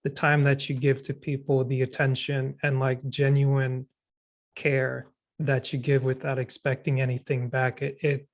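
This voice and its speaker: A man hosting a podcast, speaking in a reflective, halting way with frequent restarts. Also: mid-range voice, completely flat delivery. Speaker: podcast host. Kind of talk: casual chat.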